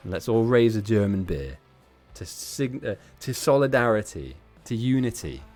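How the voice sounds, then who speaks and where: A man's voice: fairly low pitch, very animated, moderate pace, darkish tone, faint music behind. A man hosting a live-streamed game tournament, chatting casually in a rambling, self-mocking way with frequent laughs.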